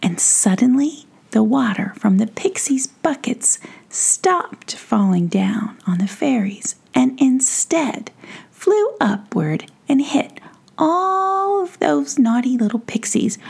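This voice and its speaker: A woman softly whispering a bedtime fairy story at home in a hushed, slow manner. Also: on the high side, gravelly, husky. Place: home with a pet nearby.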